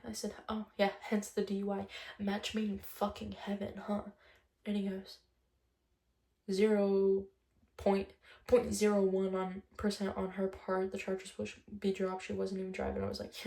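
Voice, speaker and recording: A woman's voice: medium pitch, dark tone, echoey room. A young woman vlogger telling a breakup story in a chatty, casual monologue, swearing often and retelling conversations line by line.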